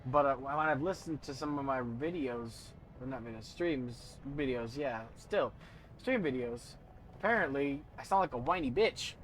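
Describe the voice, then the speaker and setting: Talking to chat into a studio desk mic, this young streamer gives casual gameplay commentary, rambling over gear stats and joking about his own voice. His voice is fairly high-pitched with a fairly bright tone.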